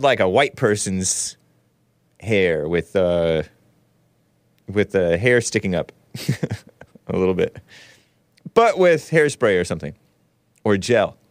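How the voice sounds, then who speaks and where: A man's voice: medium pitch, dry recording, clean studio sound. A man hosting a talk show, commenting on news clips in a sarcastic, mocking way. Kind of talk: casual commentary.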